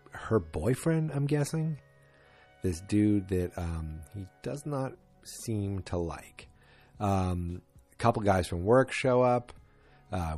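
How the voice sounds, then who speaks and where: A man's voice: low voice, darkish tone. A man recapping a TV episode in casual chat, rambling with lots of fillers and voicing the characters, close on a dry mic. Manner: rambling, with many fillers and quoted voices. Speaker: show recapper.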